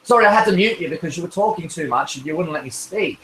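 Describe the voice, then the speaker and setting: A man's voice: on the high side, lively intonation, quick pace, fairly bright tone, slightly rough, poor audio. A man with an Australian accent arguing in an online group chat, sarcastic and condescending, talking over the other person. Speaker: chat panelist.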